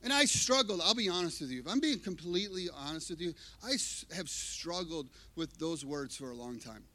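Bright, animated preacher man. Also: a little high, fairly quick. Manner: animated and emphatic, swinging between hushed and loud. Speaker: pastor. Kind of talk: sermon. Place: church.

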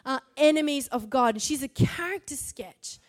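A woman preaching a sermon at a church service, emphatic and rhetorical, punctuating her points with quick checks to the crowd. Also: high-pitched, expressive.

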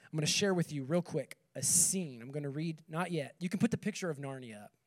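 A man's voice: a little high, lively intonation, a little fast, a little mellow. A young man giving a conversational sermon to a group, reading scripture and checking in with "okay" and "right". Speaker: speaker at a campus ministry meeting.

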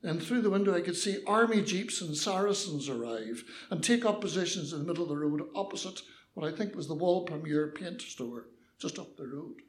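Older Northern Irish storyteller, roomy sound. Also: male voice, a little high, fairly quick. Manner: lively, mischievous, acts out voices. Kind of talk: personal anecdote storytelling.

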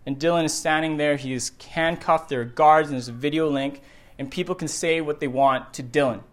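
A man's voice: a little high, fairly quick. A middle-aged man preaching a sermon in a church, earnest and repeating phrases for emphasis. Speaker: pastor. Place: church sanctuary.

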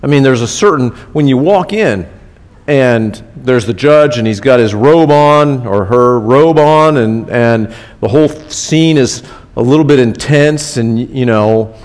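A man's voice: medium pitch, a little slow, a little mellow. A man preaching a sermon in a casual, conversational way, repeating key phrases for emphasis. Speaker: pastor. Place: church.

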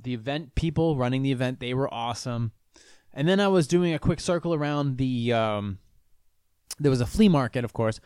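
A man in a relaxed, rambling monologue, full of ums and restarts, cursing casually as he goes. His voice sits at an ordinary middle pitch. The recording is dry and close, with no room sound. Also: smooth, no echo. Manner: loose, rambling, lots of fillers and restarts, swears freely. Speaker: vlogger.

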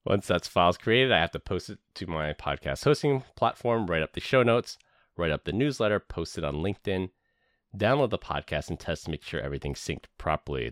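This podcast host has a rumbling low voice with a fairly bright tone, recorded at studio quality with no echo. He earnestly narrates a prepared year-end recap, mixing scripted narration with casual chat.

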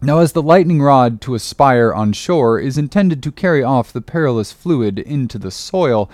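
A man's voice: medium pitch, animated, normal speed, darkish tone, dry recording, studio quality. Man narrating a classic sea novel. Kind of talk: audiobook narration.

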